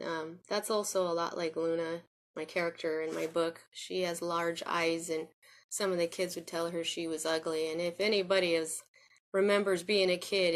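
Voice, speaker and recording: A woman with a slightly low voice speaks to her camera about her own life. She drifts and circles back, restarting sentences and leaning on fillers. Her tone stays earnest and confiding. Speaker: vlogger. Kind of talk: personal spoken reflection.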